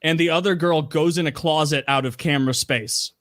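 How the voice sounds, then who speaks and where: A man's voice: on the high side, fairly quick, no echo, clean studio sound. A man hosting a podcast, animatedly retelling a story in casual chat with lots of filler words. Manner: animated retelling, heavy use of "like". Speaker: podcast host.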